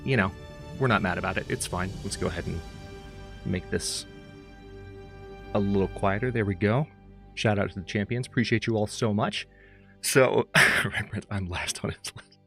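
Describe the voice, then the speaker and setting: Man, low voice, rambling stream host, casual chat, faint music underneath. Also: moderate pace, vocal fry, pauses often, a bit bright. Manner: rambling, chatty, greets chat by name. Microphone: close studio mic.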